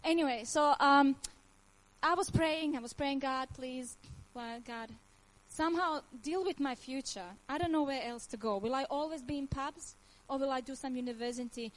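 Woman, Croatian accent, high voice, faith testimony, earnest and emotional, nonnative English. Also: normal speed, poor audio. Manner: earnest, emotional, laughs often, nonnative grammar. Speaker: testimony speaker.

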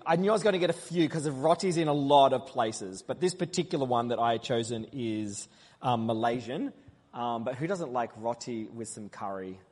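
Playful preacher quizzing the congregation. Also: male voice, mid-range voice. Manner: playful, quizzing the crowd, loud call-and-response. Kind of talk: interactive sermon with the congregation. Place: church hall. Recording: long hall reverb.

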